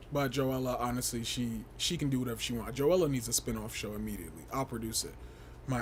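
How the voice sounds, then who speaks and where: A young man hosting a casual livestream, gossiping and reading chat in an animated way, often laughing and breaking into shrieks. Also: a little high. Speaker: livestream host.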